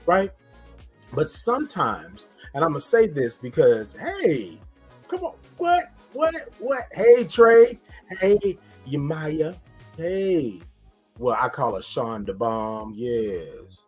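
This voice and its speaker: A man hosts a casual morning livestream, upbeat and chatty as he greets viewers by name. His voice sits a little high and has a husky edge. Faint music plays underneath. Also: sing-song, slow, darkish tone. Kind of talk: casual live-stream talk to viewers.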